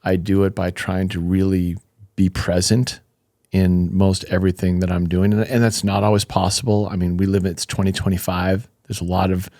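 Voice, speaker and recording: Guest in his 50s, low voice, upbeat storyteller, dry close mic. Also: moderate pace, dry recording. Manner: upbeat, animated storytelling with fillers. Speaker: podcast guest, supplement company founder. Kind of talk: casual interview chat.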